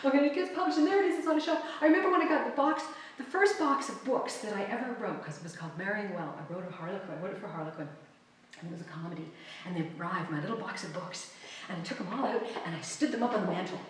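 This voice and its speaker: A middle-aged woman author telling animated stories to an audience, laughing often and acting out quoted lines. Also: medium pitch, fast talker, slight background noise. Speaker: author giving a library talk. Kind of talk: storytelling talk to an audience. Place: library event room. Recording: roomy, distant mic with faint ambience.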